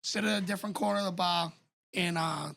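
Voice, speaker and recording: Gravelly, bright-voiced man telling a story. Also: high-pitched, fairly quick. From Boston. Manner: animated, profane storyteller. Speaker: podcast co-host. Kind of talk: casual chat, storytelling.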